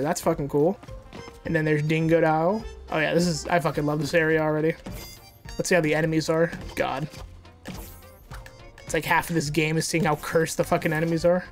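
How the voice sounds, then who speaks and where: A gamer talks through a platform game in loose, casual commentary, cursing freely and hyping up their own skill. Quiet game music sits under the voice. Sudden excited yelps break up the running chatter. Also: mid-range voice, fairly quick. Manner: profane, excitable, boastful trash talk with sudden outbursts. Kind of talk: casual let's-play commentary. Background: faint game music.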